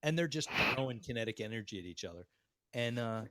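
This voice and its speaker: A man at middle pitch spins a profane, self-mocking story in casual chat. The sound is dry and close, with no room around it. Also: expressive, fast talker, pushed and bright, no room sound. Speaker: podcast co-host.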